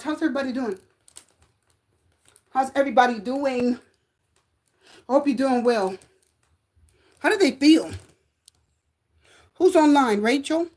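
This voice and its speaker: High-voiced woman tarot live-streamer. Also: darkish tone. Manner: greets viewers by name, sing-song and drawn out. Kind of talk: casual live-stream chat.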